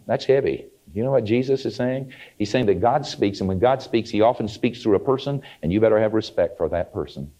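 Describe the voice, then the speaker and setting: Male preacher, emphatic sermon delivery, dark mellow voice, muffled old recording. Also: fairly low pitch, brisk, hardly any pauses. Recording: dull archival sermon tape.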